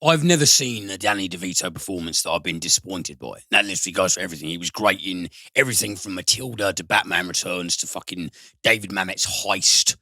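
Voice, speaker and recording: Deep-voiced man, emphatic podcast co-host. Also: pushed and bright, no echo. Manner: enthusiastic, emphatic, with fillers and drawn-out stresses. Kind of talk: casual film chat.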